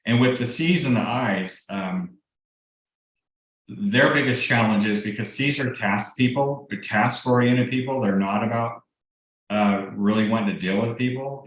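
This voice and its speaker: Lowish-voiced man coaching in an echoey room. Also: normal speed. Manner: casual and explanatory, with frequent ums and restarts. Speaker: real estate broker and coach. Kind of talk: team training presentation.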